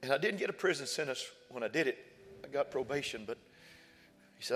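A man's voice: mid-range voice, expressive, brisk, long pauses, a bit bright. A man, a pastor telling a personal story in a sermon with folksy, emphatic repetition. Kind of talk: sermon testimony. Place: church sanctuary. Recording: church hall reverb with faint music.

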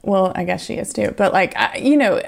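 A woman's voice: medium pitch, brisk, creaky. A woman chatting casually and sympathetically as a podcast guest. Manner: warmly agreeing, sympathetic. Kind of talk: casual conversation.

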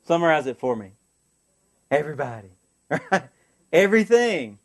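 A man preaching a sermon as pastor, earnest, asking the congregation for an amen and slowing down to read scripture. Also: a little high, big pitch swings. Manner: earnest, call-and-response asides, slows for scripture.

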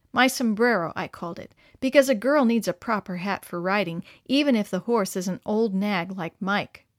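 A woman reading a story aloud to children in a cheerful, expressive storybook manner. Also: medium pitch, no room sound, studio quality.

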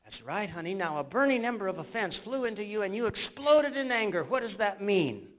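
A man's voice: sits high, lively intonation, brisk, phone-quality sound. A man preaching a sermon with call-and-response and folksy stories, from the United States. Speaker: pastor.

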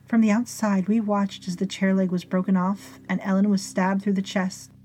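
A woman narrating a story in a measured, dryly amused way. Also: medium pitch, flat delivery, background noise. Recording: faint music behind.

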